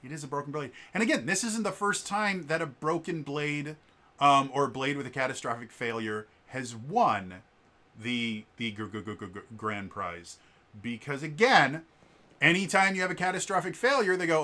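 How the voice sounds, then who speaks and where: This male vlogger speaks on the high side with lively intonation at a normal speed, his tone bright and forceful. Casually spinning a long tale, he rambles, fills gaps, restarts often, and performs the lines of the people he quotes.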